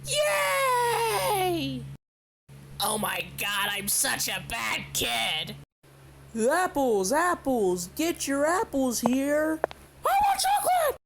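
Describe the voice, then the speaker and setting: A teenage boy voicing over comedy clips in squeaky put-on voices, often screaming. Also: very animated, extremely slow, vocal fry, background noise, exaggerated voice. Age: teens.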